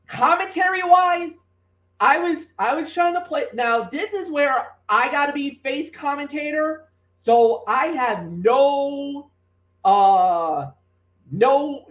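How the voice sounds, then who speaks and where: A man hosting a podcast, recapping a wrestling show in a lively storytelling manner and acting out his own commentary calls. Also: very high voice. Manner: animated storytelling, reenacts commentary. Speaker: podcast host. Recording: roomy, distant from the mic.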